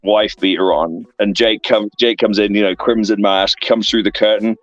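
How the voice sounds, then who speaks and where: A man's voice: lowish voice, normal speed, dry recording, lo-fi sound, faint music behind. A man in his thirties with an English accent, a wrestler telling backstage stories in a casual interview, rambling with lots of fillers. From England. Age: 30s. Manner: rambling, filler-heavy anecdotes with lively voiced asides. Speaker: guest, professional wrestler. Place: online interview stream.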